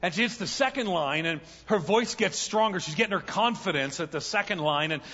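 A guest pastor preaching a sermon in a large church, telling stories and building to loud, fervent peaks. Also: male voice, sits high, animated, a little fast, in a large hall, lo-fi sound.

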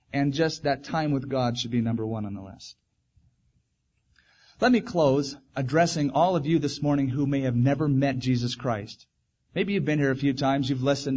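A man's voice: mid-range voice, a little mellow, highs cut off. A male pastor preaching a sermon in an earnest, emphatic way, repeating key phrases.

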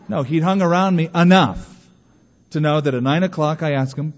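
A man preaching a sermon as a pastor, animated, moving between hushed and emphatic delivery. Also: a little high, a little fast. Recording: dull sound with long hall reverb.

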